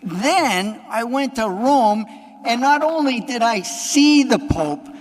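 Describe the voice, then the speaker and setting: A cheerful male traveler gushes about his trip, put on by a priest in a sermon joke. The voice sits high and eager, and a long church echo trails behind each phrase. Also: expressive, slow pace, heavily acted. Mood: excited.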